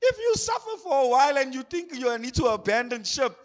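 High-voiced, animated South African pastor. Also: male voice, brisk. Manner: animated, acts out voices and laughs while preaching. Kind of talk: sermon. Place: church. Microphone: handheld mic.

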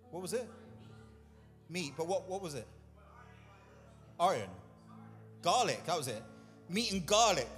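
A man's voice: sits high, a little fast, in a large hall, soft background music. A man pastor preaching a sermon in a church, talking conversationally, acting out quoted voices and putting questions to the congregation. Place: church hall.

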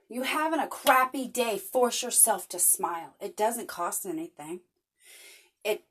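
A woman's voice: medium pitch, slightly rough. A woman hosting a podcast, talking earnestly and chattily in a casual motivational monologue, telling stories with lots of energy. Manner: earnest, chatty, animated storytelling. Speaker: podcast host.

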